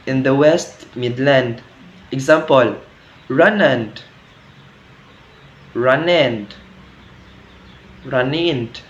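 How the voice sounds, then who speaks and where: A young man with a Cebuano Filipino accent reads a school report at a very slow, careful pace, tripping now and then over difficult names. His voice sits a little high for a man. The recording is roomy and echoey, with a faint ambient hiss behind him. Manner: slow, careful reading with stumbles on hard words, switching into Cebuano asides. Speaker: student presenter.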